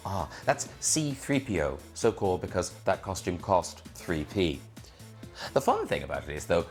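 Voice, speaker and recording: A male talk show host trading wry quips, his pitch swinging all over the place as he tells jokes and questions a guest. He speaks over a video call, with a bit of music faint underneath. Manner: wry, quipping delivery. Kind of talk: joking monologue and interview.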